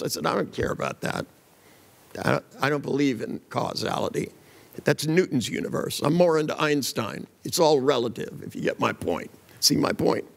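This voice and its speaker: A man's voice: mid-range voice, animated, brisk, creaky, in a large hall. An older man giving a seminar talk, telling blunt, joking stories and acting out the voices of people in them. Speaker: seminar speaker. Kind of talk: live seminar talk with anecdotes.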